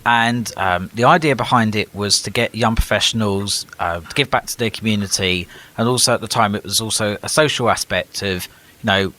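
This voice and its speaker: British man, lowish voice, rambling guest. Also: normal speed, pushed and bright. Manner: long explanations with frequent ums and repeated words. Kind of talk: casual conversation.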